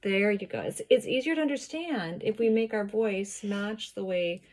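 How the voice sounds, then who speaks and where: A woman tutor patiently coaching a student's reading and explaining clearly. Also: medium pitch, moderate pace, darkish tone. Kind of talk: gentle coaching.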